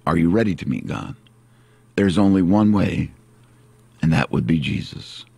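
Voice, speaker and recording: A man preaching a sermon as pastor, earnest and repetitive, slowing down on key phrases. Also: low voice, animated, creaky, darkish tone, breathy edge, dry recording.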